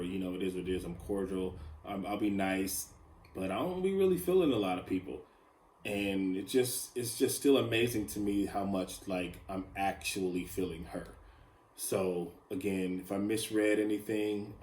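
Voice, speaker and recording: A man's voice: low-pitched, darkish tone. A man talks through a solo podcast in a loose, rambling, confessional way, leaning on fillers. He sounds like he is in an echoey room. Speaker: podcast host. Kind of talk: casual solo podcast monologue.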